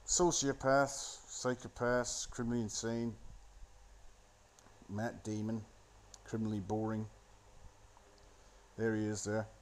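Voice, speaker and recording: A man's voice: fairly low pitch, flat delivery, slow, long pauses. A man rambling into a phone, giving a sardonic, profane running commentary on a film. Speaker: solo commentator.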